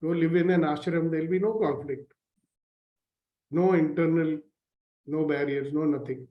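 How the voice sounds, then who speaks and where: Man, Indian English accent, high voice, coaching, teasing questions, roomy echo, dull call audio. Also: normal speed. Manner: teasing, questioning, lively storyteller. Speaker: leadership coach hosting a morning call. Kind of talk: conversational coaching talk. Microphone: video call.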